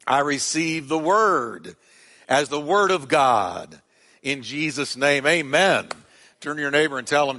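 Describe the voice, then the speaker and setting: A male pastor delivers a sermon in a church sanctuary with a fairly high, bright, forceful voice. He reads scripture with dramatic voiced quotes and then prays, and his words ring out with a long hall reverb. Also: unhurried.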